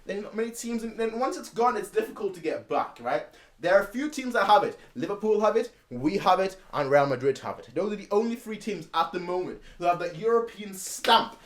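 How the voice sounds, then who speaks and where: Animated, emphatic football fan man. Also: high-pitched, a little fast. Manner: emphatic, slangy, repetitive. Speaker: fan channel host. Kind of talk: casual match preview monologue.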